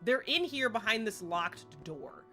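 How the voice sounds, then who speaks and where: Woman streamer, chatty, self-deprecating, bright voice, faint music behind. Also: mid-range voice, sing-song, a little slow. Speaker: livestreamer. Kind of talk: casual gameplay commentary.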